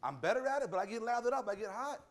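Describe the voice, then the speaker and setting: A man's voice: extremely high pitch, lively intonation, rapid-fire. A man talking to students in a courtroom as a judge, fiery and preachy, stumbling over his words when he gets worked up. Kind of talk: animated courtroom talk to students.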